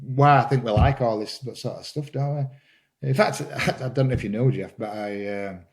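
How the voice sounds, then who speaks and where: A man talking as a podcast guest in casual conversation, enthusiastic and halting, often repeating words as he starts a thought. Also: mid-range voice, creaky. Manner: enthusiastic, laughs while talking. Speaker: podcast guest, green woodworker.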